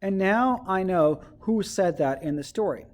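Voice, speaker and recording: A man's voice: sits high, expressive, a little slow. A male teacher giving a writing lesson to children, explaining step by step and often checking in with "okay?".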